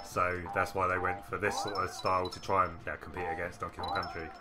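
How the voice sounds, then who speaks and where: A man's voice: deep voice, flat delivery, fast talker, over music. A man co-hosting a game stream, chatting casually and sharing trivia about old games. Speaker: streamer co-host. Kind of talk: casual chat while watching games.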